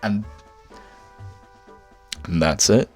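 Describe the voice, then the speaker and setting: A young man telling a storytime anecdote, exasperated and swearing, with animated outbursts. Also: on the low side, extremely slow, faint music behind. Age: young adult. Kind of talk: storytime vlog.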